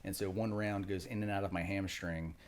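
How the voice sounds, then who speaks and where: A man's voice: deep voice, steady tone, fairly quick. A middle-aged man, a retired Marine, recounting his experiences in a loose, matter-of-fact way with fillers and restarts. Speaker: podcast guest, retired Marine. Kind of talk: casual storytelling interview.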